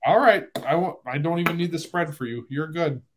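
A man hosting a casual sports podcast, animated and quick to laugh at himself. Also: fairly high pitch, background noise. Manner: animated, laughing, self-deprecating. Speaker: podcast host.

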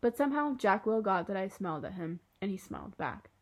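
A woman reading a first-person children's novel aloud in an earnest, soft storytelling manner. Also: medium pitch, lively intonation, quick pace. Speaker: audiobook reader.

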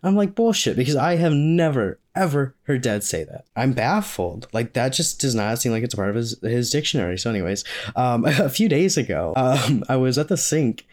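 A man's voice: mid-range voice, animated, fairly quick. A young man talking in a casual question-and-answer vlog, rambling and joking with frequent laughs. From Maine, US. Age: young adult. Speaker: vlogger.

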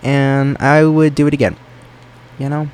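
A man's voice: mid-range voice, little pitch movement, unhurried, darkish tone, smooth. A young man hosting his own solo podcast from his bedroom, rambling in a playful, self-mocking way. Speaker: podcast host. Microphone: microphone in his room. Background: faint fan running.

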